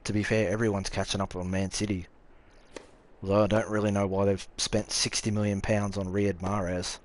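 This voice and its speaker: Australian man, young adult, lowish voice, casual live-stream chat, sweary and offhand, faint background noise. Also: little pitch movement, moderate pace. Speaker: gaming streamer.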